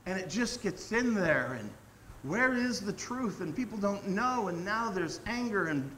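A middle-aged man preaching a casual sermon, earnest and animated, slowing down to stress key words. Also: high voice, slight background noise, poor audio. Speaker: pastor.

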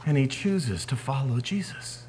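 A man preaching a sermon as a pastor, swinging from forceful emphasis down to hushed whispers. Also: medium pitch, lively intonation, a little slow, a little hiss or hum.

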